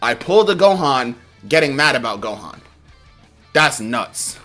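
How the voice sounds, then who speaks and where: A young man streaming a video game live, commentating in an excitable, rambling way and often laughing. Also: mid-range voice, unhurried, soft background music. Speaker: gaming streamer.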